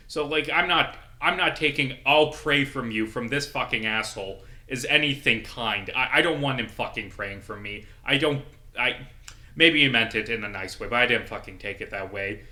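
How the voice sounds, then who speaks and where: A man's voice: mid-range voice, normal speed, bright, forceful tone. A man in his mid-twenties, a local journalist, angrily and profanely ranting in a casual vlog.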